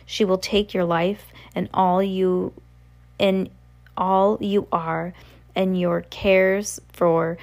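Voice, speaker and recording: A woman reading sad, faded ghost children in a storybook, their lines slow and drawn out. Her voice is low and gravelly, with a heavy sense of loss. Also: darkish tone. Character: sorrowful ghost children, faint and lost. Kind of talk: audiobook reading.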